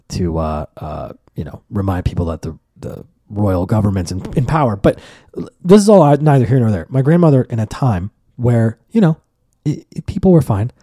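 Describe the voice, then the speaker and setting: A young male podcast host with a lowish voice tells a rambling, profane, comedic story, animatedly acting out the quotes of the people in it. The recording is studio quality with no echo.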